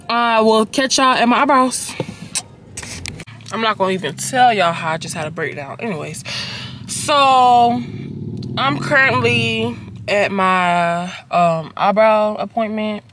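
A young woman talks straight to her phone camera from inside her car, relaxed and slangy, with a casual swear thrown in here and there. Her voice sits at an ordinary middle pitch. A faint hum of car noise runs underneath. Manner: chatty, slangy and expressive, with swearing. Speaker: vlogger.

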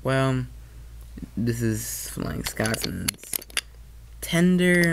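A man's voice: mid-range voice, lively intonation, very slow, gravelly, long pauses, noisy background. A man giving a casual toy train review, hesitant and often correcting himself mid-sentence.

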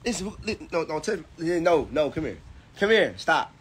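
A man's voice: a little high, lively intonation, moderate pace, fairly bright tone. A young man and father, chatting casually on a vlog while he films his toddler, laughing and teasing in a loose, profane way. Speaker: vlogger and father. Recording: noisy home video.

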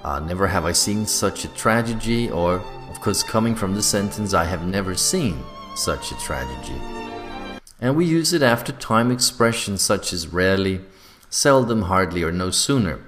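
A man with a low voice gives a scripted English grammar lesson. His pitch moves a lot, and he slows down to read each example sentence. Faint music plays behind him. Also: very animated. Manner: clear, deliberate delivery, slowing to read example sentences. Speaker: English teacher.

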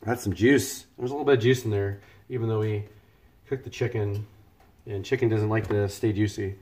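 A man's voice: on the low side, steady tone, moderate pace, a little mellow. A man chatting casually on a cooking livestream, joking and thanking viewers by name. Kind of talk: casual live-stream chat while cooking. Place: home kitchen.

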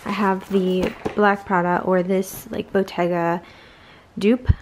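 A woman's voice: mid-range voice, little pitch movement, takes it slowly. Young woman rambling to her phone cam at home, chatty, bit of faint background hiss. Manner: chatty, rambling, lots of fillers. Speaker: vlogger. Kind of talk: casual vlog chat. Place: home, bedroom.

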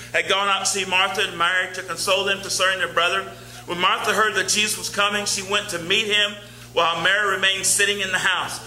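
A man's voice: high voice, sharp tone, reverberant, poor audio. A man preaching a sermon as pastor, talking in a conversational way, repeating key phrases and reading scripture aloud. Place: church sanctuary.

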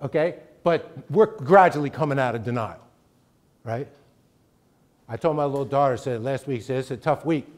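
Pausing often at a moderate pace, a middle-aged man with a mid-range voice delivers a conversational college lecture as a guest. He's emphatic and keeps asking the audience "right?"

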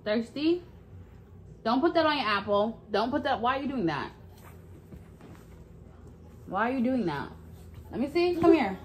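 Young mom vlogger, high-pitched, unhurried, teasing scold, faint background noise. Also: female voice, sing-song. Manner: playful scolding, talks to toddler and viewers. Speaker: parent vlogger. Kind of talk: casual prank vlog talk.

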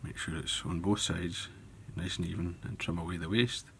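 A man demonstrating fly tying step by step, talking in a relaxed way as he works with his hands. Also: low-pitched, moderate pace, slight background noise. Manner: relaxed, thinking aloud while working with hands. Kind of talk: step-by-step tutorial narration.

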